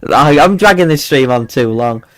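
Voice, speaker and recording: A man's voice: mid-range voice, expressive, moderate pace, no echo. A man with a mild Yorkshire accent hosting a live weather forecast stream, rambling and chatty with lots of fillers and restarts. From Yorkshire, England. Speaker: weather channel host.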